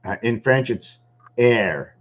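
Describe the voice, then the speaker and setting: A man's voice: mid-range voice, expressive, slow pace. Rambling man, dull lo-fi sound. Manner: meandering, full of ums and restarts. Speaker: channel host. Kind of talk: rambling monologue.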